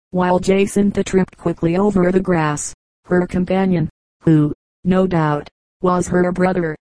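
Woman reading an audiobook, steady. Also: fairly low pitch, dry recording, poor audio. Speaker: audiobook narrator. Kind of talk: scripted narration.

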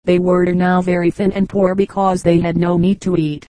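A woman reading folk tales aloud as an audiobook narrator, in a calm, even storytelling delivery. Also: fairly low pitch, moderate pace, no room sound, poor audio. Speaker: audiobook reader.

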